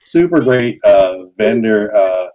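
Mellow man rambling through a story. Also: on the low side, animated, slow pace, muffled recording. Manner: rambling anecdotes with fillers. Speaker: podcast host. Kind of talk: casual podcast chat.

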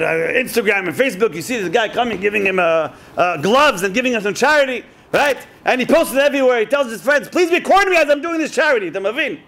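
A man with a strikingly high voice preaching as a rabbi, telling animated stories and taking on the voices of the people in them. He scatters Hebrew religious words through his talk. Faint noise sits under the voice. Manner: animated storyteller who acts out quoted speech; sprinkles Hebrew religious terms. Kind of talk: sermon to a community audience.

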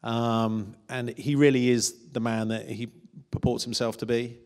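A man speaks at a press conference with effusive, warm praise and keeps laughing between phrases. His pitch sits in an ordinary middle range, and he talks into a handheld microphone. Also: little pitch movement, a little slow.

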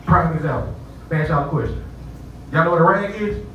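A man's voice: on the high side, quick pace, dull audio, slight background noise. Southern man doing profane stand-up. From Columbus, Georgia, US. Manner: loud, profane storytelling with voiced characters. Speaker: stand-up comedian. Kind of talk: live stand-up comedy set. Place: nightclub stage. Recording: echoey club from far off.

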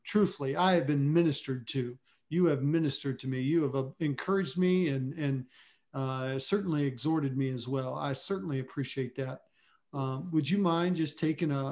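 A man's voice: on the high side, warm tone. A man co-hosting a church conversation show, affirming and appreciative toward his guest. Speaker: co-host pastor. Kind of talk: warm conversational podcast hosting.

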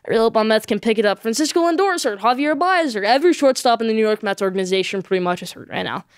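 A woman hosting a solo sports podcast, giving excitable, emphatic opinions and driving each point home with a repeated "okay?". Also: fairly high pitch, rapid-fire, clear, resonant tone, no echo, clean studio sound.

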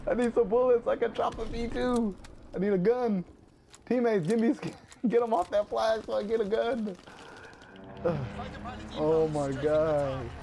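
A man commentating live on his own shooter match, excitable, exclaiming and laughing as he plays. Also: high-pitched, unhurried, gravelly, a little hiss or hum. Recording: loud game gunfire behind the voice.

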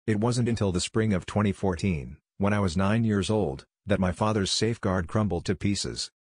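Reading a scripted horror story, a male narrator uses a very low, husky voice and a grave, measured delivery. The audio is close and dry, with no sense of a room.

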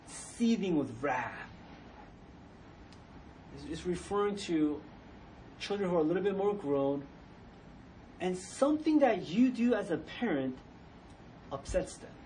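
This church sermon comes from a middle-aged male pastor whose voice is a little high and a little mellow. He talks conversationally, slipping into the voices of parents and kids he quotes. The poor audio carries faint noise, with him speaking away from the mic.

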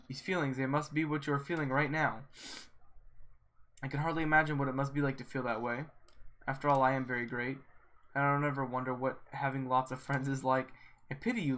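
A man's voice: mid-range voice, flat delivery, fairly quick, fairly bright tone, natural voice. A man reading out the lines of a boastful, goofy male skeleton in a video game, in a grandiose, self-important way. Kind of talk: reading game dialogue aloud.

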